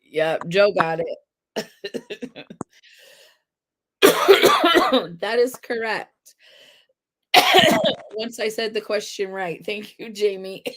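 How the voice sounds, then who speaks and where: A woman's voice: medium pitch, lively intonation, very slow, long pauses, fairly bright tone, a little hiss or hum, rough recording. A woman hosting a casual trivia livestream, reading out questions, spelling words and laughing at her own slips. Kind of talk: casual chat.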